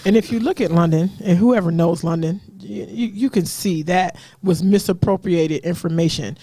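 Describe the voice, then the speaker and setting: A woman's voice: fairly low pitch, moderate pace, warm tone, slightly rough, no room sound. A woman telling a personal parenting story in a casual podcast chat, emphatic and direct. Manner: emphatic storytelling, frequent "yes". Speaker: guest parent.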